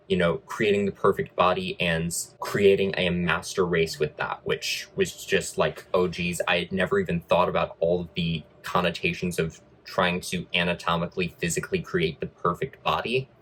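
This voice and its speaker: Deep raspy guy doing a casual movie review, kinda sarcastic. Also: flat delivery, moderate pace, hardly any pauses, a bit bright, low-quality recording. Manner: wry, sarcastic asides. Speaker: horror film reviewer.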